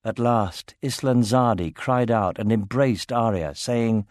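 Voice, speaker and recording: A man narrating a fantasy novel in a steady, measured reading voice. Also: medium pitch, dry recording, clean studio sound.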